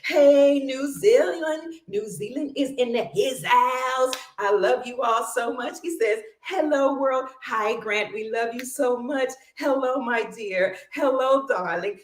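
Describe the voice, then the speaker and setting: An exuberant woman hosting a livestream, her voice high and swooping all over the place. She talks at an unhurried pace, often slipping into song. The sound comes from an echoey room. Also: expressive. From Cleveland, Ohio. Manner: exuberant, sings snatches and laughs often. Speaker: livestream host. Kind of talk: casual livestream chat greeting viewers.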